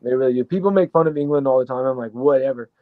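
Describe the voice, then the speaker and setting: A man's voice: mid-range voice, rapid-fire, dry recording, narrow, tinny audio. Rambling, profane storytelling man. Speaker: guest actor. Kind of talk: casual storytelling.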